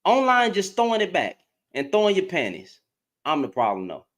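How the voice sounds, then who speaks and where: Male commentator with a high, bouncy delivery, ranting and laughing in a reaction video. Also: normal speed. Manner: animated, repetitive, profane, laughs often. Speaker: online commentator. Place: in Dallas, Texas.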